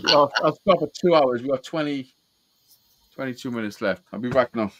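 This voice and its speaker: A man's voice: mid-range voice, animated, moderate pace, low-quality recording. A man hosting a live call-in show, telling stories casually with constant swearing and laughing at his own tales. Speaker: host of a live call-in stream. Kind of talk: casual storytelling chat, heavy swearing.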